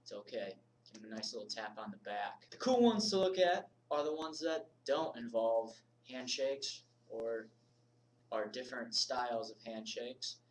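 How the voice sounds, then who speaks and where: A man from the United States teaching a casual video lesson, informal and energetic, moving around and gesturing as he talks. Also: mid-range voice, a little slow, recorded from a distance, slight background noise, low-quality recording. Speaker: body language instructor.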